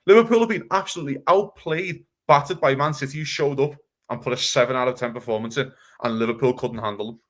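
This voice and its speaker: A man ranting heatedly about football on a casual podcast, swearing and talking fast. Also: medium pitch, a bit bright. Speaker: podcast co-host.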